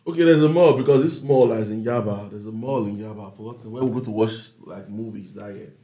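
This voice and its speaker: Playful man, low voice. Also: fast talker, warm tone. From Nigeria. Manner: playful teasing banter. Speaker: vlog co-host. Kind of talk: casual chat.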